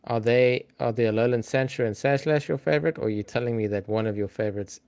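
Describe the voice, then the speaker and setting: A man's voice: medium pitch, fast, darkish tone. A man hosting a live-stream trivia game in a casual, chatty way, thinking aloud and greeting viewers by name.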